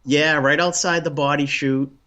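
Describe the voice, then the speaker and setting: A man from Boston with a Boston accent, chatting as a guest in a relaxed interview, rambling with lots of restarts and ums. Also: a little high, moderate pace, muffled recording. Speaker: paranormal investigator guest. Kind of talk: casual interview chat.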